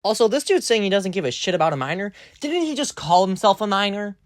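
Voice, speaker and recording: A woman doing reaction commentary in an exasperated, ranting way, her voice strained from yelling. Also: mid-range voice, sing-song, fast talker, no echo. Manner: exasperated, ranting, swings into outbursts. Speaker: commentary creator.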